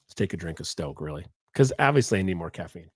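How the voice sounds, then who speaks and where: A man's voice: sits low, fast talker, husky. A man hosting a podcast, talking casually in a rambling, jokey monologue. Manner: animated, rambling, jokey asides. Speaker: podcast host.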